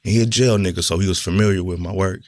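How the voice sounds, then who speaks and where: A man's voice: sits low, steady tone, very fast, dry recording, studio quality. A middle-aged man, a guest author, telling stories in a laid-back, slangy way during casual podcast chat.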